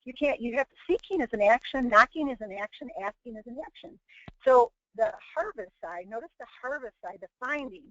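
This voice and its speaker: A woman's voice: on the high side, lively intonation, fairly quick, a bit bright, dry recording. Middle-aged woman preaching on a dull webinar line. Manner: earnest, preachy, many restarts. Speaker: webinar host and team leader. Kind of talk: motivational webinar talk. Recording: dull, dry lo-fi webinar audio.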